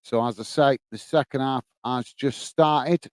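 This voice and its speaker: A man hosting a live football stream, commentating on play and chatting warmly with viewers, with frequent fillers and "mate"s. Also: medium pitch, unhurried, no echo. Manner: chatty, greets viewers by name, many fillers. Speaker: host of a fan live stream.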